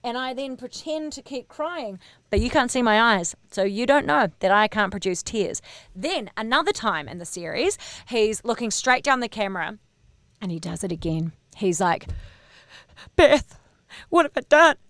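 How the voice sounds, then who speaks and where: Gossipy, animated woman podcaster. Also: mid-range voice, normal speed, no echo. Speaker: podcast host. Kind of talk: casual pop-culture podcast chat.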